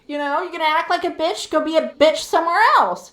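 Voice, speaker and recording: Her high, fairly bright voice moves at a fairly quick clip as she games live and vents her frustration, cursing and repeating herself for emphasis. There's a roomy echo on the recording.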